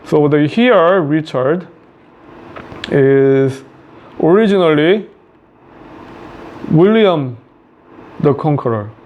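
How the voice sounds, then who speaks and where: A man with a Korean accent, a high school English teacher, explaining a play line by line and often restating quotes in plain words with repetition. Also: animated, drawn-out words, long pauses, dull audio. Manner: paraphrases quotes in plain words, repeats phrases.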